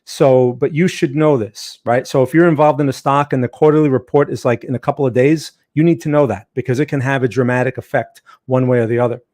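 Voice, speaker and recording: A man's voice: mid-range voice, fairly even intonation, fast talker, hardly any pauses, a little mellow. A man hosting a trading livestream, talking casually through market events with joking asides and frequent "right?" checks.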